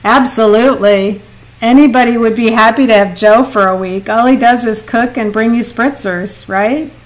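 A woman's voice: a little high, moderate pace, low-quality recording. A middle-aged woman teaching watercolor painting on a live stream, chatty, laughing often and reading viewer comments aloud. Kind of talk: live painting lesson with chat.

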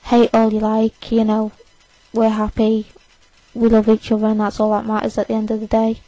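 A woman's voice: on the high side, completely flat delivery, fairly quick, mellow, no echo, rough recording. An eighteen-year-old woman, overtired, rambling defiantly and self-consciously in a casual to-camera rant. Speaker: vlogger.

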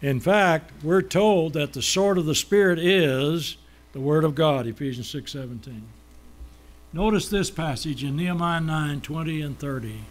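This man delivers a sermon, posing questions and answering them himself, and he slows down to lean on key words. His pitch is fairly high.

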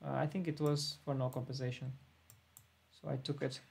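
A man's voice: mid-range voice, little pitch movement, moderate pace, creaky, darkish tone, husky. A laid-back man thinking aloud as he plays an online chess simul on a live stream. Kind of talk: live-stream commentary while playing.

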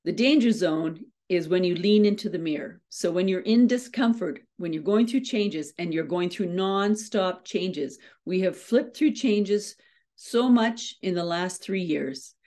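A middle-aged woman, a motivational speaker, telling a story with fast, self-mocking humor and frequent laughs. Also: on the low side, lively intonation, mellow. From Canada. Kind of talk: storytelling keynote talk.

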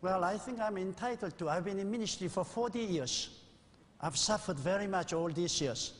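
A man in his sixties preaches with an earnest, confessional tone, his voice sitting unusually high for a man. He is heard in a church sanctuary, and the old VHS-era recording carries a long, ringing reverb. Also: moderate pace. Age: 60s. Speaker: pastor. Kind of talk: sermon.

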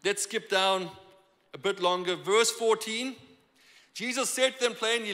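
A high, bright male voice delivers a lively sermon in a church sanctuary. His talk is conversational and animated, and he slips into little voices for the people he quotes. Long reverb rings through the hall. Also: measured pace. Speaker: pastor.

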